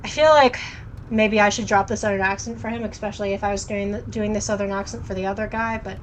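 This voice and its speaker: A woman's voice: mid-range voice, fairly even intonation, fast, a little hiss or hum, poor audio. A woman streamer chatting casually while playing and reading a story game aloud, often stumbling over names and correcting herself. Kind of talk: casual let's-play commentary and reading.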